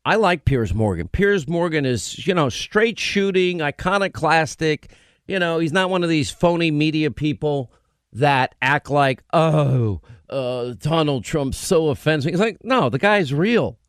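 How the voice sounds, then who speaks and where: Animated male radio talk host. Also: a little high, measured pace, smooth, no room sound, clean studio sound. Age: 50s. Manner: animated, interrupting, quips. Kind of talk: casual radio banter.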